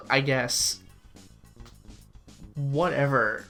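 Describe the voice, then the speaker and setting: A man's voice: medium pitch, normal speed, faint music behind. A man giving casual, rambling commentary while streaming a game, peppered with fillers. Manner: chatty and rambling, with frequent "like" fillers.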